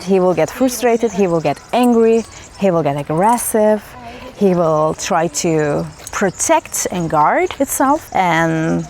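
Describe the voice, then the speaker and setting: A woman's voice: lowish voice, a little mellow, a little hiss or hum. A woman giving a spontaneous, reflective spiritual talk outdoors in a forest, musing loosely and asking rhetorical questions. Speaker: spiritual vlogger.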